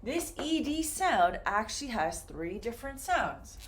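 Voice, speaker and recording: A woman teaching an English pronunciation lesson, speaking slowly and modeling example words carefully. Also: fairly high pitch, sing-song, slight background noise. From United States.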